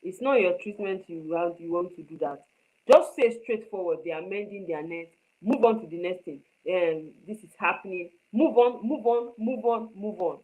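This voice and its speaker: A woman's voice: mid-range voice, expressive, normal speed, narrow, tinny audio. A woman teaching screenwriting in a live online class, stressing her points with repetition and often checking whether her students understand. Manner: emphatic, repeats points, asks students if they understand.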